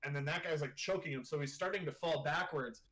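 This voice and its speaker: Animated young man telling a wild story. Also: a little high, fast talker, slight background noise. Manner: animated storyteller, swears a lot, leans on 'like'. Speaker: guest. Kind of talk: casual chat, storytelling.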